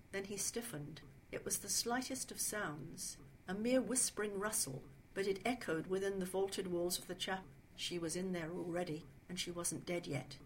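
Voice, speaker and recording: A woman reading a suspense story aloud in a hushed, suspenseful manner. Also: fairly low pitch, slight background noise. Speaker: story reader.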